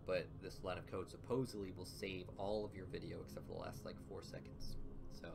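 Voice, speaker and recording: A man casually commenting on his own gameplay, chatty and getting loud and excited when things go wrong. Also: deep voice, fairly quick, creaky. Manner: chatty, gets loud and excited during fights. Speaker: gaming channel host. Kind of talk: let's play commentary. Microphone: desktop mic with face cam. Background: game music.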